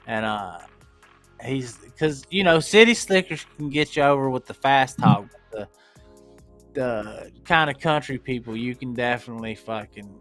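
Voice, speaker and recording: A man with an Appalachian accent, hosting a livestream in casual, profane chat and talking in a slow drawl. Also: medium pitch, lively intonation, a bit bright, faint music behind. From Appalachian United States. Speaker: livestream host.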